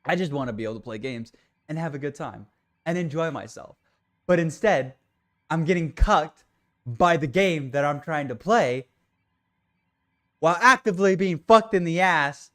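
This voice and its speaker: A man's voice: on the high side, expressive, measured pace, pauses often, a bit bright. Ranting young man streaming a game. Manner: exasperated, swearing, ranting at the game. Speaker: livestreamer. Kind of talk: casual gaming livestream.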